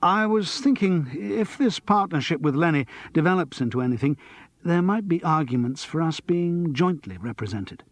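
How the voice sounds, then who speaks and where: A man's voice: a little high, animated, normal speed, dry recording, pitched above the performer's own voice. A man voicing a middle-aged male actor who speaks politely and with hesitation.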